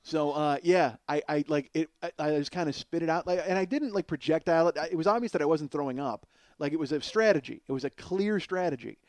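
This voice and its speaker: A man hosting a podcast, telling a long comic story in a casual, animated and profane way, mocking himself. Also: on the high side, fast, no echo. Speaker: podcast host.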